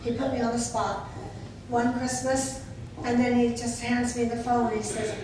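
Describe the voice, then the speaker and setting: Older woman, eulogy speaker, slightly high voice, distant mic in a big echoing hall with noise. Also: level tone, moderate pace. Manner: warm storytelling with fond laughs. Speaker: memorial speaker. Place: memorial service hall. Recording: echoey hall from far off, noisy.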